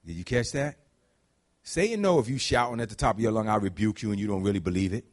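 Man preaching, from murmurs to shouts. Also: very animated, fast. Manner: conversational preaching, swings from low murmurs to high shouts. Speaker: pastor. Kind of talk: sermon.

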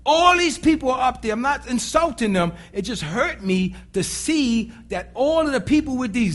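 Animated preacher, high lively voice. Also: male voice, normal speed, hardly any pauses. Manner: animated, dramatic preaching with sudden shouts and acted-out voices. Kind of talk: sermon.

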